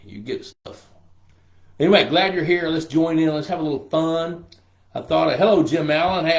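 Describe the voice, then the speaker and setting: An older man whose voice is scratchy and worn from a throat infection. He runs a relaxed live-stream Q&A and jokes along with his viewers. His voice rings in a roomy, echoey space at an average male pitch. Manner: folksy and joking, greets viewers by name. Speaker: pond management show host. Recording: roomy echo.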